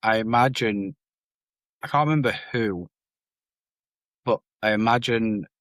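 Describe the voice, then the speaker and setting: A man's voice: on the low side, measured pace, fairly bright tone, dry recording. Laid-back sweary man on a podcast. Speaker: podcast co-host. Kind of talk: casual chat.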